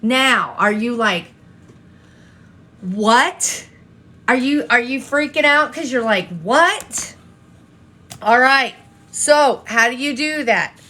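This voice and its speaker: A woman's voice: a little high, unhurried, sharp tone. A woman coaching an online audience, talking straight to viewers and firing rhetorical questions, often repeating herself. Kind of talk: live-stream coaching talk.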